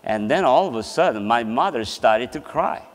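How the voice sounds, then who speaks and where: A man's voice: mid-range voice, lively intonation, moderate pace. A man giving a sermon as a seminar presenter, telling a personal story and laughing often as he talks. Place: church hall. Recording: long hall reverb.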